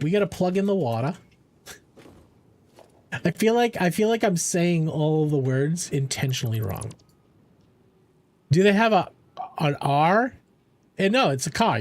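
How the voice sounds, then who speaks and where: Animated, high-voiced man chatting on stream. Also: unhurried, pauses often. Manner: playful, rambling, answers chat and jokes around. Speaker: game streamer. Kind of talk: casual live-stream chat.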